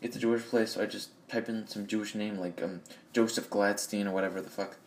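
A man's voice: lowish voice, fairly even intonation, brisk, slight background noise. A man ranting bluntly and profanely in a rambling monologue, recorded on a phone in an echoey room. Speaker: vlogger.

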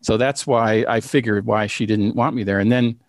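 A man telling a personal story in a casual, halting way, with many fillers and restarts. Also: fairly low pitch, steady tone, dry recording, studio quality. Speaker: storyteller recounting a ghost experience. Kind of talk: casual spoken anecdote.

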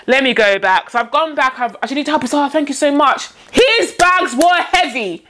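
A woman's voice: sits high, moderate pace. A young woman telling a story in casual chat, acting out the voices of the people in it. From Nigeria. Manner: animated storyteller, acts out quoted voices.

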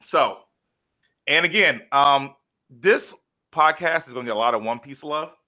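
Bright-voiced man in casual podcast chat. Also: fairly high pitch, unhurried. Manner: animated storytelling with many fillers. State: choked up, near tears. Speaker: podcast co-host.

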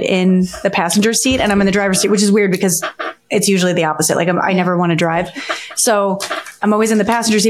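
Woman, 30s, podcast co-host; animated storyteller, casual swearing, faint background noise. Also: mid-range voice. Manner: animated storyteller, swears freely, laughs while talking. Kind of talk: casual chat, telling a dream story.

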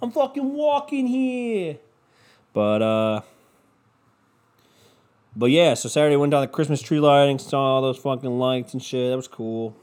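A man hosting a podcast, ranting casually with constant swearing and a loud, animated delivery. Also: mid-range voice, moderate pace, pauses often, clear, resonant tone. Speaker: podcast host.

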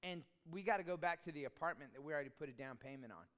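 A man's voice: a little high, very fast, a bit bright. A man preaching a sermon as pastor, in a conversational, storytelling way with chatty asides.

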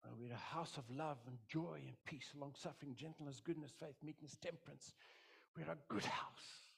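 A man's voice: a little high, fairly even intonation, normal speed, creaky, fairly bright tone, husky. A middle-aged man preaching as a pastor, with an impassioned, repetitive delivery that swells and drops. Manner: impassioned, repetitive preaching with dramatic quoted voices. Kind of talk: sermon.

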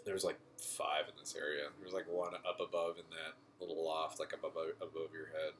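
A man's voice: rumbling low, flat delivery, brisk, a bit bright, slight background noise. A man hosting a casual gameplay chat, joking around, laughing often and swearing freely. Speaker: host.

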